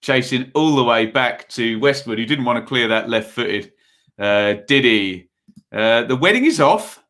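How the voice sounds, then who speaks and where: A man runs a live football watch-along stream, calling the action in a loose, chatty way. His bright voice has an edge of force as he rambles between the play and viewers' messages. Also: medium pitch, expressive, unhurried. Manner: casual play-by-play mixed with reading viewer messages; rambling and chatty, with frequent fillers.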